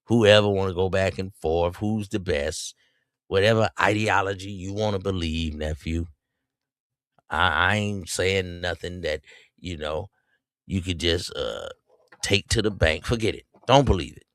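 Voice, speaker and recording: Gravelly low-voiced man mocking. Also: a little slow, no echo, studio quality. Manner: preachy, mocking, swings high in pitch to taunt. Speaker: podcast host. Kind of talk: reacting to clips with commentary.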